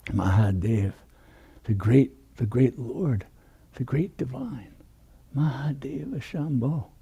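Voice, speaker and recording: Slow husky-voiced man teaching meditation. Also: mid-range voice, lively intonation. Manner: soft, unhurried, drawn-out phrasing. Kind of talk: slow spiritual talk.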